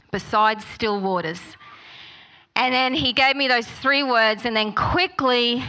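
A middle-aged woman preaching a sermon, telling personal stories and reading scripture slowly. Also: on the high side, smooth. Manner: warm, personal storytelling with gentle laughs; slow, unhurried reading of scripture.

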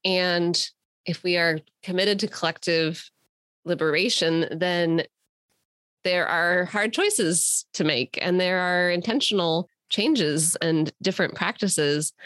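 A woman's voice: fairly low pitch, slow, fairly bright tone, no echo, studio quality. A woman talking as a podcast guest, thoughtful and reflective, with many "like"s and "right?"s. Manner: thoughtful, heavy use of "like" and "right?". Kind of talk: conversational discussion.

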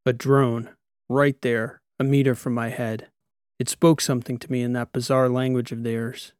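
A man's voice: medium pitch, smooth, no echo, studio quality. Man narrating a sci-fi audiobook. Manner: steady, measured storytelling. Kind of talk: first-person scripted audiobook narration.

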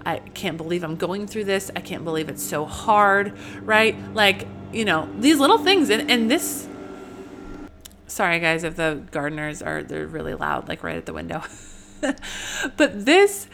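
A woman's voice: fairly low pitch, fairly bright tone. A woman in her thirties hosting a faith podcast, chatting casually with many fillers and restarts. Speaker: podcast host.

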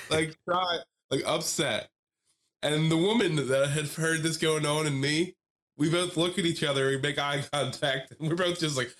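Animated male podcast storyteller. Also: a little high, moderate pace. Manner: animated storyteller, acts out voices, laughs often. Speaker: podcast co-host. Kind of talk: casual storytelling chat.

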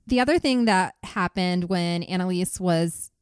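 Woman podcast host, lowish voice, storytelling, dry close sound. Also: measured pace, smooth, no room sound. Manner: storytelling, laughs often. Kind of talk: casual true-crime podcast chat.

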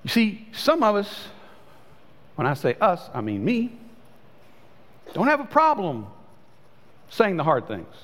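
A man's voice: wildly swooping pitch, slow, long pauses, fairly bright tone. Preaching man in an echoing hall. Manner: conversational preaching, pitch swinging up and down. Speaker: pastor. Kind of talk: sermon. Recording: long hall reverb.

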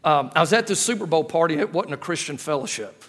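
A man's voice: on the high side, expressive, fast talker, fairly bright tone. A middle-aged man preaching a sermon as a guest preacher, telling humorous stories and repeating phrases with rhetorical questions. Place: church sanctuary. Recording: echoey church hall with long reverb.

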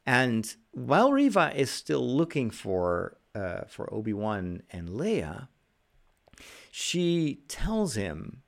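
A man's voice: fairly low pitch, creaky, fairly bright tone. A man giving casual spoken commentary, thoughtful and loose, with frequent fillers and restarts.

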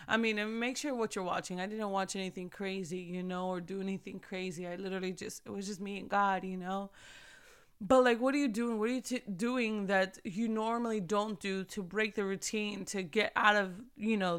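Thirties woman, podcast host, casual and animated faith talk, bright and forceful. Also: medium pitch, clear, resonant tone. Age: 30s. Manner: animated, chatty, addresses listeners as sis.

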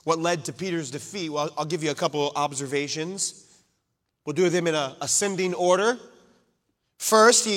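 Male preacher with a high, bright voice, recorded in a hall with long reverb, dramatic dynamic swings. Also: animated, normal speed. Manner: dramatic swings from loud to hushed, acting out quotes. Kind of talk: sermon.

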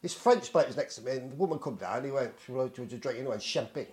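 Talking very fast with lively intonation, a middle-aged man with an English accent and a darkish, mid-range voice shares a casual anecdote. Swearing nonstop, he plays out the characters in the tale.

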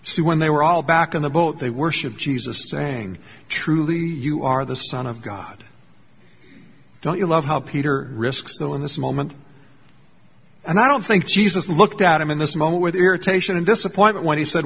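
A man preaching a sermon as pastor, telling a story earnestly and slowing down to stress key lines. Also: a little high, vocal fry, a bit bright, slightly rough, big-room sound. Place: church sanctuary.

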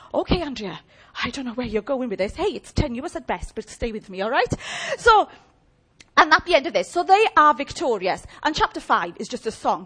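A woman preaching a lively, humorous sermon and chatting with her audience. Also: high voice.

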